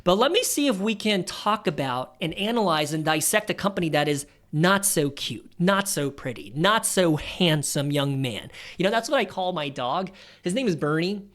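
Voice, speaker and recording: A man in his thirties hosting a casual stock-analysis tutorial, chatty and animated, dropping jokey asides as he walks through the numbers. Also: sits high, normal speed. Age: 30s. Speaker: investing channel host.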